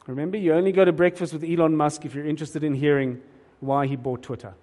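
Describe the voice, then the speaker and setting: Speaking fast with fairly even intonation, a man preaches earnestly and emphatically in a fairly high-pitched, dark-toned voice. He often repeats words when launching a thought, and long hall reverb fills the recording.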